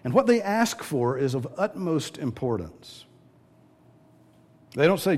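Lively preaching man. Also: a little high, a little slow, pauses often. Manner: lively preaching, acting out quoted voices. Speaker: pastor. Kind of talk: sermon.

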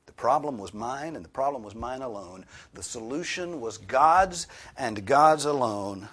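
Husky-voiced male preacher, dramatic hushes. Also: medium pitch, animated, measured pace. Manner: emphatic, swings from loud stress to hushed near-whisper. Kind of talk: expository sermon.

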